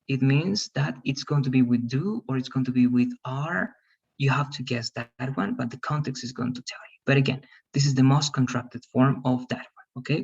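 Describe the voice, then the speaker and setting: A man teaching English pronunciation in an online class, patiently explaining and modeling words slowly. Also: medium pitch, a little mellow, breathy edge, muffled recording.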